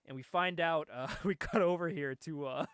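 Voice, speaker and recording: Bright-voiced young man, chatty and dry. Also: on the high side, normal speed, smooth, dry recording. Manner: laid-back, laughs often, loose retelling with many "like"s. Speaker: podcast co-host. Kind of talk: casual comic book review chat.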